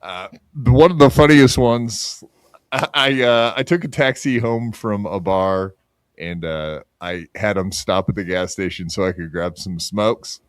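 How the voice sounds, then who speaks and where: Low-voiced rambling crude man, dry sound. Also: measured pace, dry recording. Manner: rambling, crude, self-mocking, many fillers. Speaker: podcast host. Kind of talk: crude casual chat.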